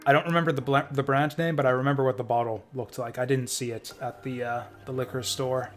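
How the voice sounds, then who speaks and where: A man's voice: mid-range voice, little pitch movement, fast, soft background music. A man streaming a game, commenting casually and jokingly between reading dialogue aloud. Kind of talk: let's play commentary.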